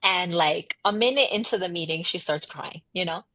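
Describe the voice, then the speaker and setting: A woman speaks as a podcast guest in a husky, slightly breathy voice, recorded close and dry. She talks in a lively, emphatic way, slipping into quoted dialogue and doubling back on her words to drive a point home. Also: on the low side, moderate pace, no room sound. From United States, daughter of immigrants. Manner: animated storyteller, acts out quoted dialogue, emphatic repetitions. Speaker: podcast guest, marketing entrepreneur. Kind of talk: casual conversational interview.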